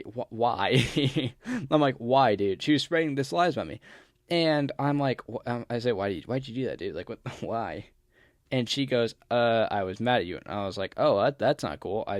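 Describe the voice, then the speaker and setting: A man's voice: medium pitch, no room sound, studio quality. A young man telling a casual story while playing a game, rambling, restarting his sentences and mimicking the people in it. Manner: rambling, full of restarts, mimics others in quotes. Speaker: storyteller vlogger.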